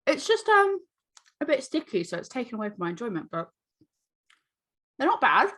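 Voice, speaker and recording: A lively American woman co-hosting a casual podcast, her pitch leaping up and down as she talks. She sounds playful and giggly, and she likes to argue a point with a laugh. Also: normal speed. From United States. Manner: animated, giggly, playful arguing. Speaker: podcast co-host. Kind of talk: casual chat.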